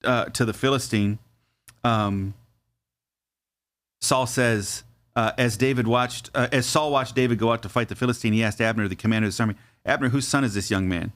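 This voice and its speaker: A man's voice: mid-range voice, normal speed, a bit bright, no room sound. A man co-hosting a casual Bible discussion podcast, explaining the scripture in plain conversational terms. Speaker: podcast co-host.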